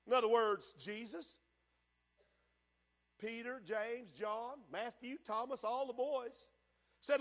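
A man's voice: very high voice, lively intonation, a little slow, fairly bright tone. A man preaching a fervent revival sermon in a church, emphatic and full of amens and hallelujahs. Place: church sanctuary. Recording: long hall reverb in a church.

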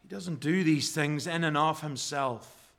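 A man preaching a sermon slowly, building to fervent emphasis. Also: a little high, gravelly, a bit bright. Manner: slow, rising to fervent emphasis.

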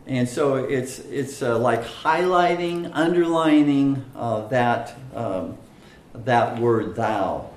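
A man teaching bible study, slow careful talk, lots of uhs, echoey room. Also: mid-range voice, expressive. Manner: slow and deliberate, many "uh" fillers, stresses single words.

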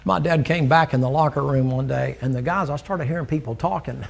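A man's voice: fairly high pitch, a little fast, vocal fry, hardly any pauses, heavy background noise. An older man preaching a sermon, telling a folksy story, laughing and acting out the dialogue.

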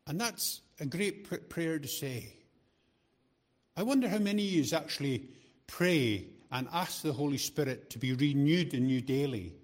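A man's voice: a little high, expressive, normal speed. A middle-aged man preaching a sermon in a chatty, joking way, often repeating words as he restarts his sentences. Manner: chatty, joking asides to the congregation. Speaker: lay preacher.

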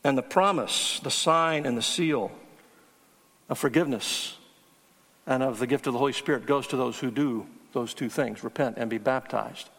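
A man's voice: mid-range voice, moderate pace, a bit bright, long reverb tail. A man preaching a teaching sermon, earnest and emphatic on key words. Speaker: pastor.

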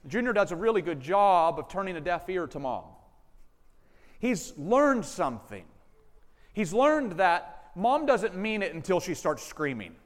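A male pastor preaching a sermon, animated and acting out family members' lines. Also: high-pitched, unhurried, big-room sound. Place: church sanctuary.

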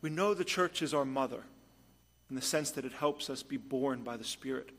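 A pastor preaches a sermon at a medium pitch and normal speed. He shifts between hushed storytelling and emphatic points.

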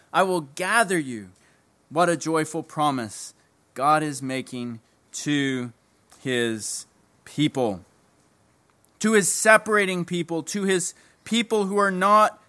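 A man preaching a sermon, emphatic, repeating key phrases and dropping low at the ends of lines. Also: sharp tone.

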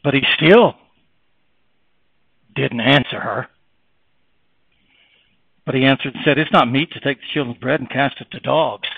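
A male preacher giving a sermon, reading scripture aloud and moving between hushed, low passages and raised, fervent preaching. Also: unhurried, gravelly, pauses often, slightly rough, dry recording, phone-quality sound.

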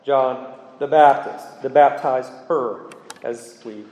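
A man preaching an expository sermon, earnest and emphatic, pausing with ums as he explains scripture. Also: mid-range voice, a little mellow. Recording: echoey hall with long reverb.

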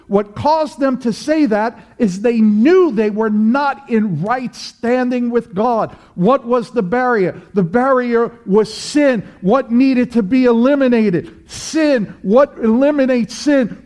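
Male pastor, emphatic sermon delivery full of rhetorical questions, high voice, slow measured pace. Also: expressive, a little mellow. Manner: emphatic preaching with repeated phrases and rhetorical questions.

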